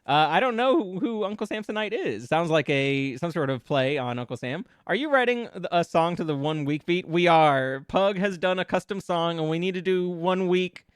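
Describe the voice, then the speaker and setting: A man's voice: high voice, lively intonation, moderate pace, hardly any pauses, clear, resonant tone, dry recording, clean studio sound. A man streaming as a VTuber, chatting casually with his viewers, giggling often and stammering through restarts as he brainstorms song lyrics. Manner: giggly, playful, riffs with chat on lyrics. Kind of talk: casual live-stream chat.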